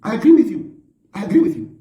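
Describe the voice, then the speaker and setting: A man's voice: high-pitched, sing-song, fast, reverberant, dull audio. A middle-aged man giving an impassioned political address, emphatic and repetitive as he accuses and warns. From Zambia. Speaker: opposition politician.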